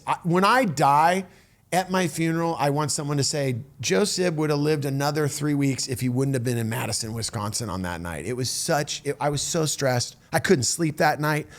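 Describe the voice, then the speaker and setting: A middle-aged man tells a story in a high, lively voice. He jumps between restarts and acts out quotes as he goes. His delivery is loose and casual. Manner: animated, full of restarts and acted-out quotes. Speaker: storyteller recounting a tour. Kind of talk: casual anecdote telling.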